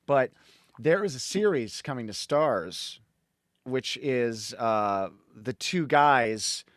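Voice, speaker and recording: A middle-aged man from Connecticut, a podcast guest telling animated, rambling stories in casual conversation. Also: medium pitch, slow pace, no room sound, clean studio sound. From Connecticut, USA.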